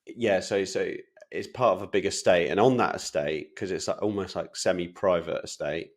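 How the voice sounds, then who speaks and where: A man's voice: sits low, normal speed. A man co-hosting a property podcast from England, telling rambling anecdotes with lots of fillers. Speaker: podcast co-host. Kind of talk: casual chat.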